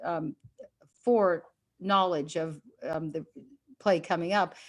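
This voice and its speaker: A woman in her sixties, a guest actress, chatting candidly and animatedly over a video call. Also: fairly low pitch. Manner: candid, animated storytelling with quick asides. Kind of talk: casual interview chat.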